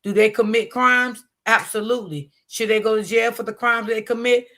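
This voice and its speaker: A woman's voice: a little high, steady tone, moderate pace, sharp tone. An older woman and grandmother giving casual commentary on a stream, emphatic and repeating her points.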